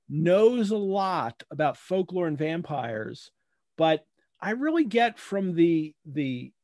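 A man hosting a live online book discussion, reading closely and talking with animated swings in pitch over a video call. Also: no room sound, studio quality. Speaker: host.

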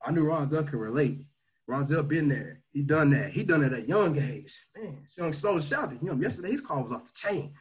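A man leading a motivational livestream talk on leadership, energetic and slangy, swinging between loud pushes and quieter asides. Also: a little high, normal speed, low-quality recording. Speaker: team leader teaching leadership.

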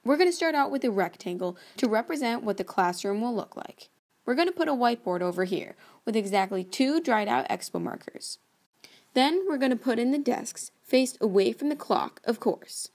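A woman's voice: fairly high pitch, expressive, normal speed, darkish tone. A teenage girl hosting a parody home design show with upbeat, mock-earnest presenter patter. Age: teens. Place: school building indoors. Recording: distant mic with faint noise.

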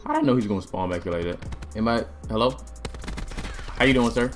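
A young man giving excited gameplay commentary as a gaming video host, loud and jumpy, repeating himself in bursts. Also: on the low side, fast, long pauses. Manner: hyped, loud outbursts, repeats phrases, laughing. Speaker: gaming YouTuber. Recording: faint music and gunfire behind.

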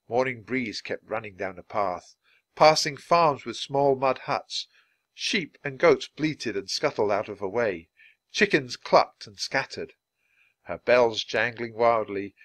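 A man reading a children's chapter book aloud in a clear, measured, lively way. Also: mid-range voice. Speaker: storybook reader.

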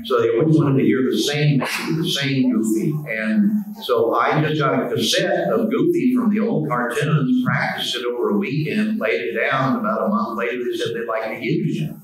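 Captured by a distant mic in an echoey convention hall, a voice actor from the United States shares laid-back stories as a panel guest. He's an easygoing older man, chatty and quick to poke fun at himself, speaking at a normal speed with few pauses in a medium-pitched voice.

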